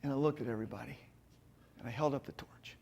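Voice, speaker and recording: A man leading a men's church group, telling a lively story and acting out scenes. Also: medium pitch, fast talker, vocal fry, very noisy. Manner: storytelling, energetic, acts out scenes. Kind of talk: animated church talk.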